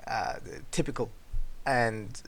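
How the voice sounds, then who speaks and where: A man hosting a show, ranting bluntly and with plenty of swearing, swinging between loud outbursts and low muttering. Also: fairly even intonation, slow pace. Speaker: podcast host. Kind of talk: casual ranting monologue.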